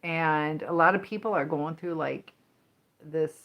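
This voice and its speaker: A woman with a slightly low voice hosts a relaxed livestream, chatting loosely and reading viewer comments out loud. She rambles from one story to the next in an easy, talkative way, like a teacher and coach who is at home on camera. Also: a little slow, dull audio. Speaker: livestream host.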